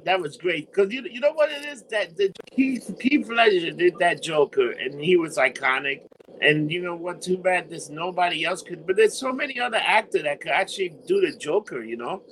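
A man with a high voice talks excitably and swears as he chats. He laughs a lot, and faint background noise sits behind him. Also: moderate pace, poor audio. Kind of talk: casual chat.

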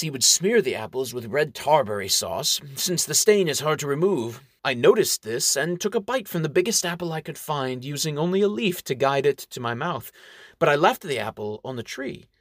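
A man's voice: a little high, big pitch swings, moderate pace, no room sound. Smug scheming baron read by a man, lecturing tone, dry close sound. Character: scheming gloating ambitious male baron, middle-aged. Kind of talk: audiobook character reading.

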